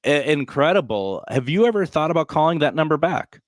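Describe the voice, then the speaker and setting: A man's voice: a little high, very animated, fairly quick, no room sound. A man hosting a call-in radio show from a hotel room, talking casually in a rambling, joking way with lots of fillers and restarts.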